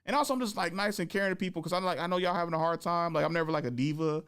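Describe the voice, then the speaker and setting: Smooth-voiced man telling stories. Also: a little high, racing. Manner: animated, acts out quoted voices, laughs often. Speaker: podcast host and stand-up comedian. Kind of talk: casual storytelling chat.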